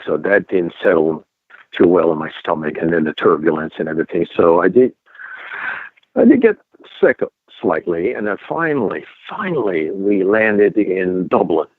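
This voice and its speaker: Deep-voiced French-accented man on a phone line. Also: animated, moderate pace, no echo. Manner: rambling storyteller with many fillers and restarts. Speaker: paranormal and UFO investigator guest. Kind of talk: casual interview over the phone.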